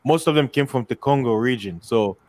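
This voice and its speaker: A man co-hosting a casual chat, telling stories in an animated way. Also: medium pitch, a little fast, no room sound. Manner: animated storyteller, many fillers and restarts.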